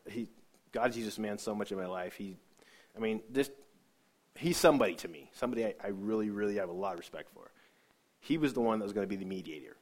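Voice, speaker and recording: A man with a fairly low voice tells his faith testimony in an earnest, halting way. He stumbles and repeats himself as the feeling builds, pressing on through each sentence. His delivery is raw and personal rather than polished. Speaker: speaker sharing a faith testimony.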